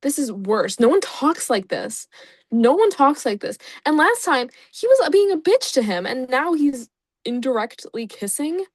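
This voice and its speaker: A woman's voice: sits high, very animated, normal speed, breathy edge, no room sound. A young woman YouTuber reading a story aloud and reacting to it with sarcastic, profane, self-mocking asides. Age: young adult.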